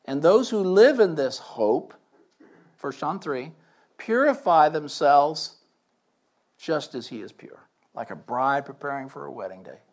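Older man preacher, slightly high voice, emphatic sermon delivery with scripture reading. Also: expressive, measured pace. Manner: emphatic, reads scripture aloud with asides and questions.

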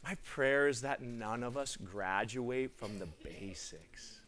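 A man giving a sermon to a live gathering, telling a personal story in an excitable, animated way. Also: medium pitch, slow. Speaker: preacher.

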